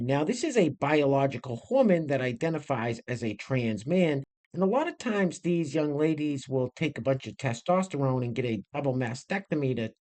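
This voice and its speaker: A man's voice: fairly high pitch, a little mellow. A man hosting an online commentary show, introducing clips with sarcastic, mocking asides. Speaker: commentary channel host. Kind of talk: scripted commentary on video clips.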